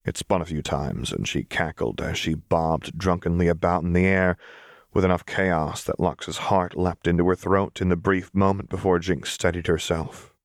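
A man reading a fan-fiction story aloud as narrator, with steady storytelling. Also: sits low, moderate pace, gravelly, dry recording, studio quality. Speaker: audiobook narrator. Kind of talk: scripted narration.

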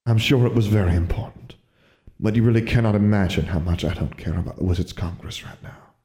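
A man reading the lines of a dignified middle-aged witch and mother, soft, wry and tender, in a low voice with a dry sound. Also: brisk, slightly rough, no echo. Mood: gentle.

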